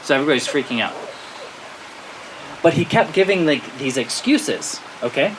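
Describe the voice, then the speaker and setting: Lively American man telling a story. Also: mid-range voice, moderate pace, rough recording. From United States. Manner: lively storyteller, checks in with frequent "okay?" and laughs at his own story. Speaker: spiritual teacher. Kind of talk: storytelling talk to a spiritual audience. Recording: steady rain-like background noise.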